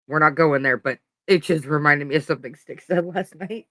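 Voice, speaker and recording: A woman's voice: sits low, brisk, fairly bright tone, no echo, clean studio sound. A woman co-hosting a stream, chatting casually with frequent filler words. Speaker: co-host of a writing prompt stream. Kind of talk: casual chat.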